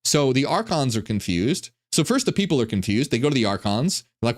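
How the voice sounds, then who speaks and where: Animated, irreverent man explaining old texts. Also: mid-range voice, fast, few pauses. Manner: animated, irreverent, stumbling restarts. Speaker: online religion commentator. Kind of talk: casual commentary on ancient texts.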